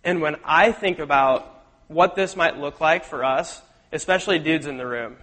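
A man preaching a sermon in a casual, animated way, acting out the lines he quotes. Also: fairly high pitch, normal speed. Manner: conversational, animated, acts out quotes. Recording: long hall reverb.

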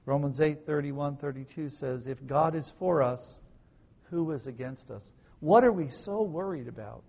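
A male pastor preaching a sermon, asking his listeners questions and swinging from loud emphasis to hushed, soft tones. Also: on the high side, normal speed, creaky, slightly rough. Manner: asks the listeners rhetorical questions.

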